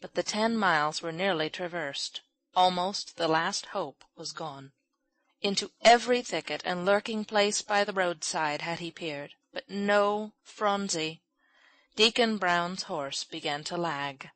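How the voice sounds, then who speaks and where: A woman narrates a classic children's novel in a slightly low voice. The recording is close and dry, with no room sound. She lifts her pitch and volume whenever a character speaks. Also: measured pace, fairly bright tone, dry recording, low-quality recording. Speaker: audiobook narrator.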